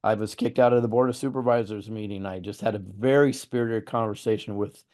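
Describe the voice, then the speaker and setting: A man's voice: lowish voice, steady tone, brisk, darkish tone. A man hosting an interview, explaining his views earnestly with examples and often repeating words. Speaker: host. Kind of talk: interview conversation.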